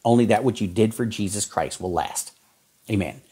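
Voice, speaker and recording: A man preaching a fervent sermon, folksy and exhorting, with sudden jumps in pitch as he reads scripture. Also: moderate pace, mellow, slightly rough. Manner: folksy, says y'all and man.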